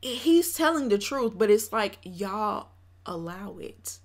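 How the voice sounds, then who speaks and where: Blunt, animated young woman reviewing a show. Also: mid-range voice, takes it slowly. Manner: blunt and judgmental, talks straight to viewers; animated, acts out quotes in put-on voices. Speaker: vlogger recapping a reality show. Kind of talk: casual opinionated recap.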